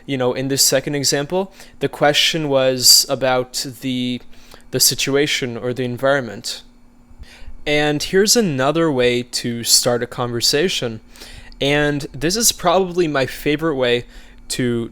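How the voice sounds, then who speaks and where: Smooth-voiced man giving relaxed advice. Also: medium pitch, normal speed. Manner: relaxed, conversational, with frequent fillers. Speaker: social skills coach. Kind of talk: casual instructional talk.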